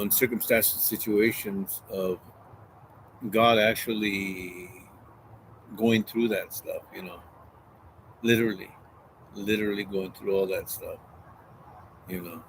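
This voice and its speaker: A man's voice: lowish voice, fairly bright tone, slight background noise, low-quality recording. Rambling man sharing scripture. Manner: rambling, repeats phrases, reads scripture aloud. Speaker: street preacher. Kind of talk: casual Bible talk.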